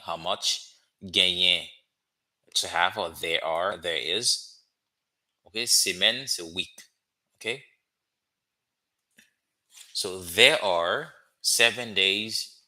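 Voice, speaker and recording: A man teaching a language lesson, drilling phrases slowly with many "okay?" check-ins. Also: sits low, bright, forceful tone. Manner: slow, repetitive drilling with frequent "okay?" checks. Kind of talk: classroom-style language lesson.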